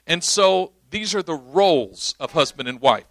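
In a dry recording, a young pastor teaches from the pulpit with emphasis, explaining and repeatedly making sure listeners follow. His fairly high, fairly bright voice has lively intonation and a moderate pace.

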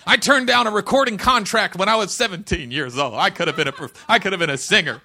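Bright-voiced impassioned male preacher. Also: high voice, fast. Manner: impassioned, swings from hushed to loud, quotes scripture; folksy humor, colloquial asides. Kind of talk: sermon.

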